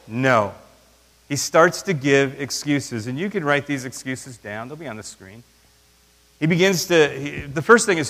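A man preaching a sermon in an animated way, acting out the voices he quotes. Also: mid-range voice, unhurried, long reverb tail. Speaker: pastor.

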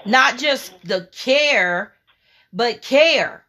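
A woman preacher delivers a sermon with fervent emphasis, leaning on repeated phrases. Her voice is bright and forceful, and she takes her time, stretching out her words. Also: mid-range voice, expressive. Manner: reads scripture in a slow, measured cadence.

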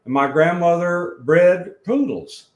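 A man with a South Alabama Southern accent, telling a story as a guest in an unhurried, rambling way. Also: on the high side, animated. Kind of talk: storytelling in a podcast chat. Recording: roomy echo.

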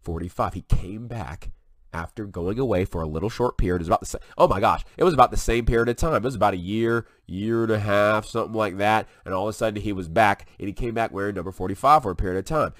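A man hosting a casual preaching vlog, excitable and folksy as he talks through what is on his screen. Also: lowish voice, fast talker, dry recording, studio quality. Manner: excitable, folksy, drawls "y'all". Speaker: online video host.

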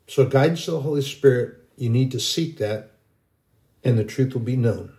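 A man's voice: mid-range voice, moderate pace, mellow. Earnest middle-aged man preaching. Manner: earnest, rambling, with frequent restarts. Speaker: Christian video preacher. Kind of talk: informal sermon.

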